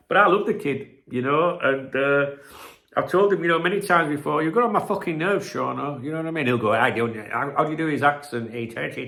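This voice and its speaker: A man's voice: mid-range voice, pushed and bright. A man hosting a casual live-stream chat, rambling and blunt, swearing freely, with plenty of filler words and restarts. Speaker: channel host.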